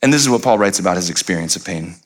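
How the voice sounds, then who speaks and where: A man preaching a sermon, moving from animated rhetorical questions to hushed, slow scripture reading. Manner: expressive preaching, swinging from loud animated peaks to quiet low passages; conversational asides and rhetorical questions. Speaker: pastor.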